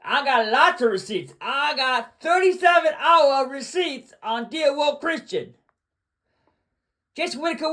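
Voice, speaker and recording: A man hosting a livestream, ranting boastfully and repeating himself, often bursting into shouts. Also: very high-pitched, lively intonation, measured pace. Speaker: livestream host.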